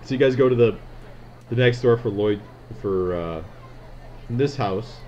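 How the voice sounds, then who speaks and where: A man running a tabletop game as game master, narrating in a relaxed, rambling way with many fillers. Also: mid-range voice, unhurried. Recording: slightly dull recording, faint noise.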